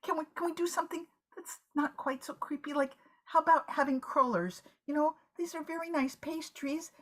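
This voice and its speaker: In a live improv scene, a woman performer with a high-pitched voice speaks at normal speed with light acting. She plays a talkative, fussing friend spooked by silence, repeating words as she frets.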